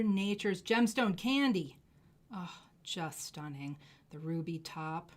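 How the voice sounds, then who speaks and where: Woman, live shopping host, gushing and effusive, slightly low voice. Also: slow pace. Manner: gushing, effusive, drops into soft asides. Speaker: jewelry seller hosting a live sales stream. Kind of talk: live shopping stream presentation.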